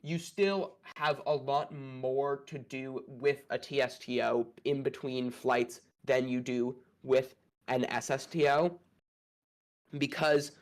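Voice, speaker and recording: A man's voice: medium pitch, steady tone, slow pace. A man arguing one side of a casual space debate, hedging and thinking aloud with many fillers.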